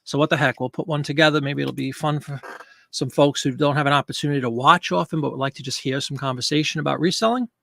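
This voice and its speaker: A man's voice: a little high, fast talker, gravelly, sharp tone. A man hosting a casual live stream from a home studio, chatty and jokey, greeting viewers by name. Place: home studio with green screen. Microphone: desk microphone.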